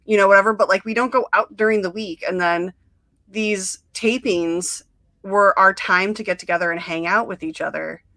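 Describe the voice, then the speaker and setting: Bright chatty young woman host. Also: medium pitch, steady tone, normal speed, dry recording. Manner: chatty, many fillers and quoted asides. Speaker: podcast host. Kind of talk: casual chat.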